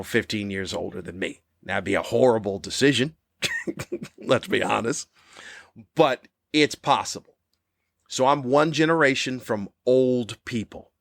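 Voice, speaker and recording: A man in his fifties hosting a podcast, delivering a cranky comedic monologue with animated, ranting jabs. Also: gravelly, no echo, clean studio sound. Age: 50s. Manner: animated, ranting, with sudden high-pitched jabs. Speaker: podcast host.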